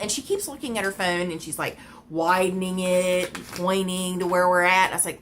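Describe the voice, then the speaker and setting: Woman vlogger, lively swooping voice, bright tone, exasperated, laughing rant. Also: on the low side, moderate pace, a little hiss or hum. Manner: animated, exasperated, laughing, repeating herself. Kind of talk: casual storytelling rant.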